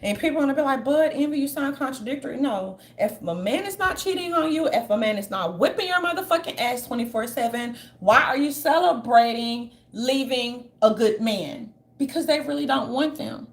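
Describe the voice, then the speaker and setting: Blunt high-pitched woman ranting. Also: expressive, normal speed, few pauses. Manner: blunt, profane, mocking quoted voices. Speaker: commentary channel host. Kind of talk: casual opinion monologue.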